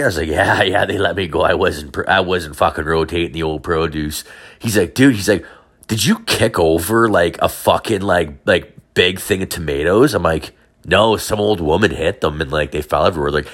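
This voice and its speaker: A young man with a very deep voice spins long, crude stories about his past. He rambles casually, packs his talk with filler words and swears constantly. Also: brisk, a bit bright. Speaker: storyteller. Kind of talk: casual storytelling.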